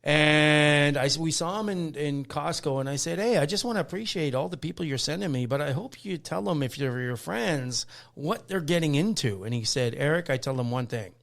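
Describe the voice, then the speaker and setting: A man's voice: a little high, animated, normal speed, gravelly, hardly any pauses, a bit bright. A man hosting a podcast, telling loose, rambling stories about dog training clients. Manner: rambling, loose storytelling with restarts. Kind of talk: casual chat.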